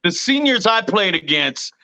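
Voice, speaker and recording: A man in his thirties hosting a podcast, chatting casually and telling profane, animated stories. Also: sits high, normal speed, creaky, low-quality recording. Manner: profane storyteller, animated retelling. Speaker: podcast host. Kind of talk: casual chat.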